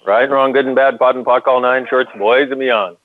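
A man's voice: medium pitch, fairly even intonation, moderate pace, no room sound, narrow, tinny audio. Man, earnest call-in co-host, restarts his sentences a lot, thin phone sound, dead dry. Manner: earnest storytelling with many restarts. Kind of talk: call-in radio talk.

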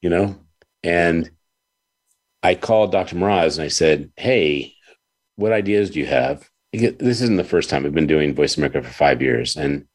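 A man hosting an interview talk show, speaking earnestly with halting pauses and repeated words. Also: extremely low pitch. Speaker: radio show host.

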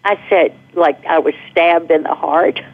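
A middle-aged woman calling in to a radio talk show, telling a personal story with animated energy and laughing as she goes. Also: deep voice, measured pace. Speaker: caller guest. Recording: tinny phone line.

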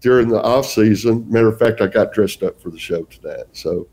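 A man's voice: fairly low pitch, brisk, darkish tone, rough recording. An older man with a Texan accent, a guest telling folksy, rambling stories in a casual interview. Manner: folksy, rambling storyteller with chuckles. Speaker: guest Santa performer.

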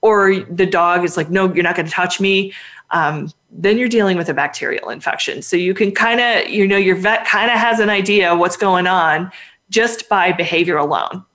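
A woman's voice: lowish voice, moderate pace, fairly bright tone. A woman veterinarian in a casual podcast chat, talking at length and with emphasis while giving advice to pet owners.

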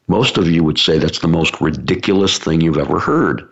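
A man's voice: rumbling low, lively intonation, moderate pace, vocal fry, husky. A man giving an explanatory talk to a business audience, using everyday analogies with frequent fillers. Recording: dull lo-fi recording.

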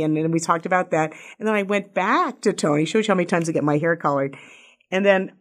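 Older female host, low-ish voice, animated storyteller in casual chat. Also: fast. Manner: lively storyteller, jumps into quoted voices. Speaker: host, doctor. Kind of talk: casual group talk.

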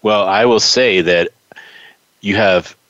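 A man's voice: fairly low pitch, takes it slowly, fairly bright tone, no room sound, lo-fi sound. A man co-hosting an interview, chatting casually with playful, jokey banter. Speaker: podcast co-host.

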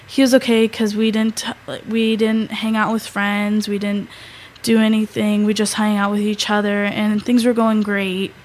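Flat-voiced teenage girl telling a story. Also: mid-range voice, slight background noise, poor audio. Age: teens. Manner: halting, with many fillers and restarts. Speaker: co-host. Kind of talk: casual storytelling.

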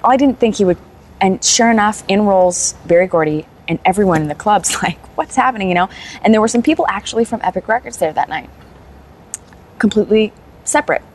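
A woman's voice: mid-range voice, lively intonation, normal speed, long pauses. A woman guest on a talk show, telling stories in casual chat and laughing easily. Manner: warm storytelling, laughs easily. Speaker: guest performer.

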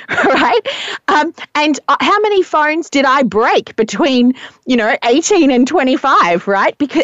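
A woman's voice: high voice, no room sound, highs cut off. A woman parenting coach explaining her methods in casual podcast chat, earnest and often tagging "right?" onto points. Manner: earnest, explanatory, frequent "right?" tag questions.

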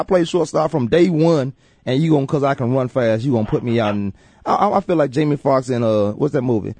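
Male talk radio host: husky, warm, animated, repeats his points. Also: medium pitch, fairly quick, no room sound. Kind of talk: casual sports talk.

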